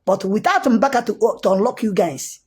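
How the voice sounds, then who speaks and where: A man's voice: sits high, expressive, moderate pace, a little mellow, slightly rough. A man with a Nigerian accent, a self-styled prophet, giving a heated, insistent commentary monologue that circles back on its points.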